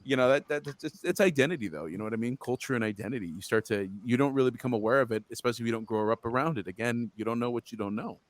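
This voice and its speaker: Frank male guest, mid-pitched and dry. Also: rapid-fire, few pauses, dry recording. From Utah, USA. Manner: candid and frank, swears casually. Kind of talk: casual interview chat. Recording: dry sound.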